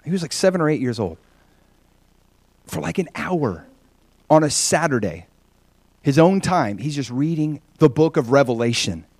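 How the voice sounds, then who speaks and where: Middle-aged male preacher, lively storyteller, dry close sound, acts out quoted people. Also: a little high, normal speed, pauses often, no room sound. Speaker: pastor. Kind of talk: sermon with personal stories.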